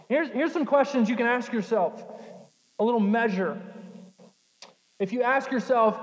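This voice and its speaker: A young man with a high voice gives a sermon, telling animated stories full of jokey asides. The sound is dull and rings out in a large hall with a long echo. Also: normal speed. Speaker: pastor.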